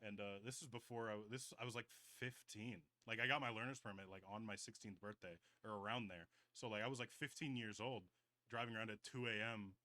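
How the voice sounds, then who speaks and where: A man's voice: fairly low pitch, fairly even intonation, brisk, pushed and bright, no echo. A man in his twenties co-hosting a podcast, telling long rambling stories in casual chat, full of "like" and swearing. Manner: rambling storyteller, heavy "like" filler and swearing. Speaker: podcast host.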